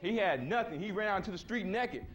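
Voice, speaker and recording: A man's voice: high-pitched, lively intonation, fast talker, fairly bright tone. Blunt slangy man lecturing. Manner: blunt, slangy and emphatic, acting out quoted voices. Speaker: conference speaker. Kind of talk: casual storytelling lecture to a live audience. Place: conference hall before an audience.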